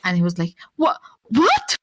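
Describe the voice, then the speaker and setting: A woman telling a story in casual chat, acting out other people's lines in a raised voice, laughing often and swearing freely. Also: normal speed. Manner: animated, acts out quotes in raised pitch, laughs often, swears. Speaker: former e-pal guest.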